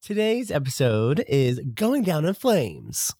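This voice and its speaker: Husky man sick with bronchitis. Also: on the high side, huge pitch swings, takes it slowly, mellow, no room sound, studio quality. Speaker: podcast co-host. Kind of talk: casual chat about audiobooks.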